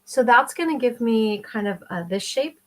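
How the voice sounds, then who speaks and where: A woman's voice: a little high, animated, moderate pace. A middle-aged woman giving a chatty, enthusiastic makeup tutorial while she applies her eyeshadow. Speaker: makeup vlogger.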